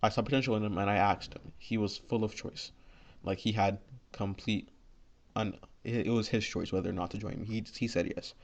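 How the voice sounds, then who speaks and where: A man voicing a calm young male assassin in a soft, offhand way, in a fan story he is improvising. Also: fairly low pitch, fairly quick, vocal fry. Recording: dull lo-fi recording.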